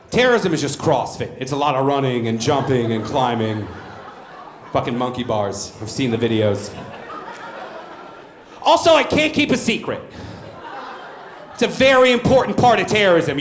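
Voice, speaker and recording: A man's voice: medium pitch, a little hiss or hum. A male stand-up comedian performing a brash, profane, self-mocking set on a comedy club stage. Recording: roomy comedy club sound.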